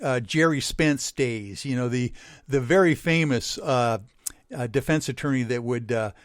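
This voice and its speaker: A man's voice: medium pitch, measured pace, no echo, studio quality. A male radio host asking long, winding questions in a casual, chatty way.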